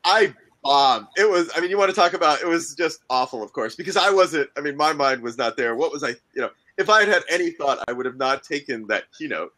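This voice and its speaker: A man with a Southern accent speaks as a panel guest, telling an anecdote in a self-deprecating, animated way. His voice is bright and forward. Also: on the high side, fast, few pauses, poor audio. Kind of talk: anecdotal storytelling.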